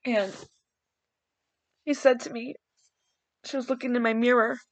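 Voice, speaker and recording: A middle-aged woman hosting a podcast, telling personal family stories in an animated way, quoting others and laughing often. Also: on the high side, measured pace, dry recording. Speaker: podcast host. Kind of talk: personal storytelling.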